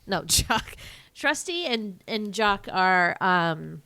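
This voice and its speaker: A woman's voice: mid-range voice, animated, slow, pushed and bright, no echo. A woman hosting a podcast, chatting casually and swearing freely as she retells a film, often laughing and using lots of fillers. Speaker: podcast host.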